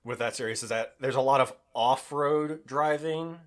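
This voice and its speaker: A man co-hosting a casual gaming podcast, measured and deadpan as he explains things. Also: medium pitch, over a noisy crowd. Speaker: podcast co-host.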